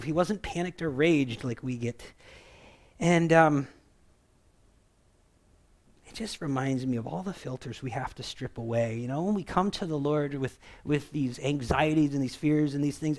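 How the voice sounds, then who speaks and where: A man preaching a sermon in a conversational way, often asking "right?" and acting out the voices he quotes. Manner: acts out quoted voices with shifts in pitch and loudness.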